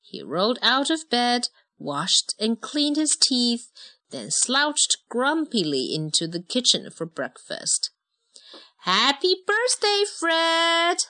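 A woman reads a bedtime story at an unhurried, deliberate pace. Her pitch sits low but swings widely as she stresses words. The sound is close and dry, with no room around it. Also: big pitch swings, no echo. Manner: gentle, teacherly, switches between English and Mandarin. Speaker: host reading stories with a child. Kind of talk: bilingual storybook reading.

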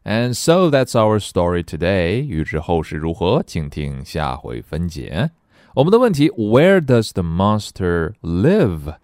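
A man teaching a bilingual reading lesson, playful and lively, with sudden high exclamations. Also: a little slow, no room sound, clean studio sound. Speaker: English teacher.

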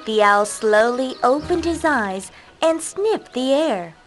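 A woman narrating a children's storybook with a slow, clear, expressive delivery. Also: high voice, faint music behind.

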